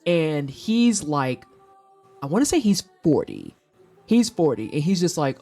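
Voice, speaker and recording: A woman's voice: low-pitched, moderate pace, soft background music. A woman in her thirties hosting a live stream, chatting casually and telling profane stories, acting out the people she quotes. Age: 30s. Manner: animated, profane storytelling with exaggerated quoted voices. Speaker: streamer host.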